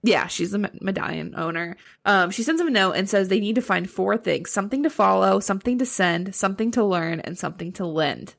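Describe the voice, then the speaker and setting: Chatty young woman with a gravelly edge. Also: mid-range voice, fairly quick, few pauses. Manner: chatty, laughing, lots of "like". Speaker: podcast co-host. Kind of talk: casual book recap.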